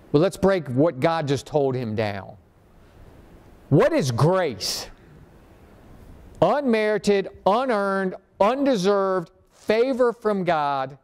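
A man's voice: high voice, very animated, slow pace. A male pastor preaching a sermon, firing questions at the congregation and making sarcastic asides. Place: church.

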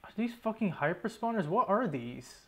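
A young man talks through his gameplay in a running, exasperated stream. He swears freely and mutters to himself. His voice sits a little high for a man. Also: big pitch swings, normal speed. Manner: swears often, exasperated running self-talk. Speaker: gaming YouTuber. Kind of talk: live commentary over gameplay.

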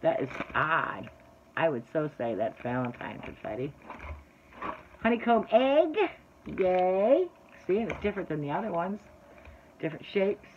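A woman's voice: sits low, fairly quick, lo-fi sound, a little hiss or hum. A woman vlogger and shop owner chatting through an unboxing haul. She rambles, talks straight to her viewers and sometimes slips into an exasperated rant.

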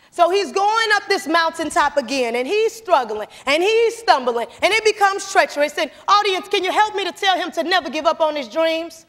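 High-voiced young woman preaching in a hall. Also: normal speed, hardly any pauses. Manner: animated, calls to the audience, storytelling. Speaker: motivational speaker. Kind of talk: church motivational speech. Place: church sanctuary. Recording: long church hall reverb.

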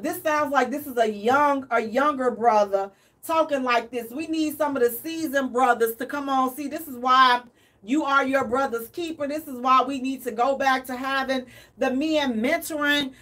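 A woman hosting a radio advice chat in an animated, emphatic, preachy way. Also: sits high, moderate pace, far from the mic. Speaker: radio show host.

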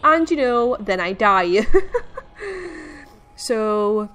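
A woman's voice: mid-range voice, lively intonation, very slow, fairly bright tone, smooth. A young woman casually commenting on her own gameplay, easily frightened and poking fun at herself. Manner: jumpy, squealing when scared, self-mocking. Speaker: gaming streamer. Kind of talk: casual let's-play commentary.

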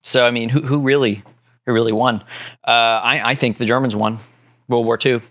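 A man on a casual podcast, telling a far-fetched theory in a rambling, deadpan way, stopping often on ums and restarts. His voice sits at a middling pitch. The audio is a little muffled and lo-fi. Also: normal speed. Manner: rambling, deadpan conspiracy storytelling with many fillers. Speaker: podcast co-host. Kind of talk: casual joking chat.

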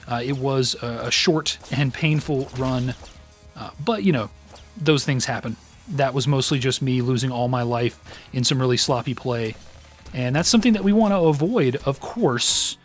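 A man's voice: medium pitch, lively intonation, normal speed, faint music behind. A man hosting a let's play, commenting on his own gameplay in a rambling, self-deprecating way with lots of fillers.

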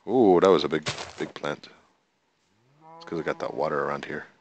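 Narrating his own gameplay casually, this host talks to himself, counts out loud and addresses the animals in the game. He has a rumbling low voice at normal speed, with a darkish tone, dull audio and slight hiss or hum.

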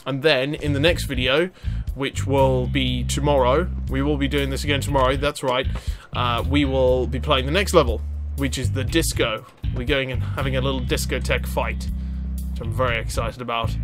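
A young man commentating his gameplay, excitable and swearing, breaking into sudden high yelps and laughter. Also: moderate pace, music in the background. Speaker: let's play gamer.

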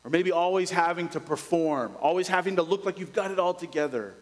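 A male pastor preaching a sermon, dropping to a hush and then rising with urgency. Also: high-pitched, fairly quick, big-room sound, poor audio. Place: church.

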